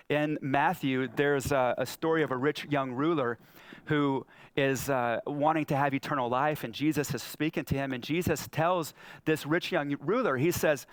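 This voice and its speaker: A man preaching a sermon as pastor, telling Bible stories in an animated way and acting out the figures. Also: a little high, moderate pace, smooth. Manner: animated storytelling, acting out scripture.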